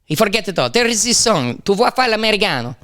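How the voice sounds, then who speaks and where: A man playing an excitable immigrant who speaks broken English in a comedy podcast chat. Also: high voice, quick pace. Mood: lecturing.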